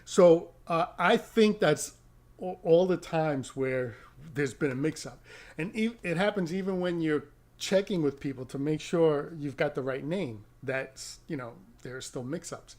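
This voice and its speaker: A middle-aged man chats to the camera about his day as a rideshare driver, his voice sitting a little high for a man. He rambles, restarts his sentences and chuckles at his own stories. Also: unhurried, darkish tone. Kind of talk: casual storytelling to camera.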